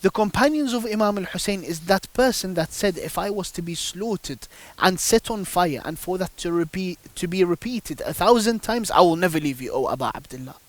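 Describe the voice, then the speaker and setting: His high, expressive voice moves at a moderate pace with hardly any pauses. The man, a religious panel guest, tells devotional stories emphatically and uses rhetorical questions, combining religious discussion with storytelling.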